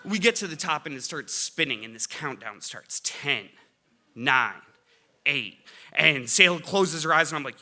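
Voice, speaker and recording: Bright-voiced dad telling a comic story. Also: male voice, fairly high pitch, a little slow. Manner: animated, comic, bursts of loud excitement. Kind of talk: live storytelling on stage. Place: stage before a live audience.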